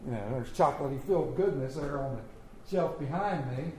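A middle-aged man preaching a sermon to his church, telling stories in a folksy way with sudden loud bursts. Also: medium pitch, animated, brisk, a little hiss or hum. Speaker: pastor. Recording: echoey church room.

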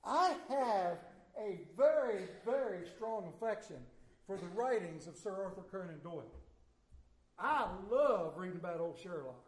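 Male pastor, high-pitched, folksy sermon storyteller, big swings from loud to hushed, echoey sanctuary. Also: lively intonation, unhurried. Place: church sanctuary.

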